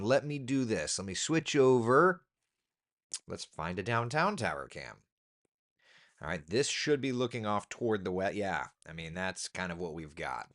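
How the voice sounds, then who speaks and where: A TV weatherman talks through the forecast in an easy, chatty way. His pitch swings widely, rising keenly and then dropping low for muttered asides. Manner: relaxed, chatty, thinking aloud with ums and asides. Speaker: TV meteorologist. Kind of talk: casual weather chat.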